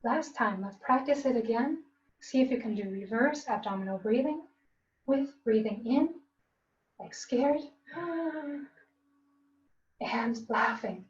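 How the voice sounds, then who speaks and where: A woman tai chi instructor leading an online breathing lesson in a calm, coaching way, with demonstration gasps and laughs. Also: fairly high pitch, a little slow. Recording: roomy, distant, dull, faint hiss.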